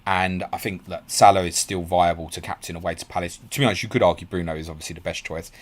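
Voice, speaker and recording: A man hosting a live stream, reading out viewer questions and answering them quickly and bluntly. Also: deep voice, steady tone. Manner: fast, blunt and matey, calls viewers mate. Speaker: podcast host.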